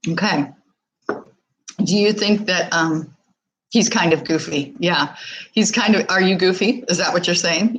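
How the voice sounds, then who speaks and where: A woman's voice: fairly low pitch, fairly bright tone, a little hiss or hum, poor audio. A woman hosting a live stream, talking candidly and casually with viewers, with many fillers and restarts. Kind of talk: casual live chat reading viewer comments.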